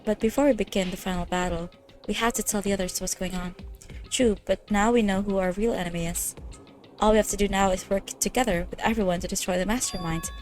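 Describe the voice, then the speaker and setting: A woman's voice: mid-range voice, steady tone, fast talker, a little mellow. A young woman playing a visual novel, reading every character's lines aloud in her own voice, laughing and reacting, with faint game music behind. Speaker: let's play host.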